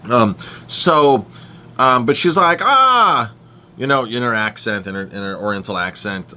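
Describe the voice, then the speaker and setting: A man's voice: on the low side, normal speed, bright, forceful tone, slight background noise. A middle-aged man, a chef, talking straight to the camera with emphatic, repetitive ranting as he warns viewers about food fraud. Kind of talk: direct-to-camera consumer warning.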